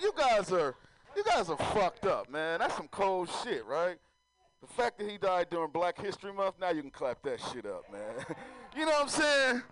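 A man's voice: fairly high pitch, fairly bright tone, low-quality recording. A man doing a loose, profane stand-up comedy set, often laughing at his own jokes.

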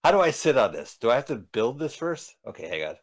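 A man's voice: medium pitch, big pitch swings, fairly quick. A man joking around while co-hosting a casual movie commentary. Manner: joking, wisecracking. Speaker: film commentary co-host. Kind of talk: casual chat over a movie.

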